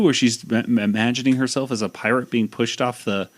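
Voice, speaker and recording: A man's voice: medium pitch, steady tone, fairly quick. A man hosting a podcast, casually recapping a cartoon episode in a rambling way with lots of fillers and restarts. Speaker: podcast host.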